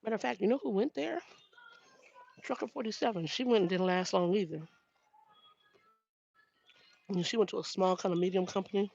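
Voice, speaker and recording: In this clip the older woman trucker uses a mid-range, creaky voice with a darkish tone, talking a little fast but pausing often, with soft background music. She chats casually and frankly with live viewers, exasperated and frequently restarting sentences. The recording sounds dry, dull and lo-fi.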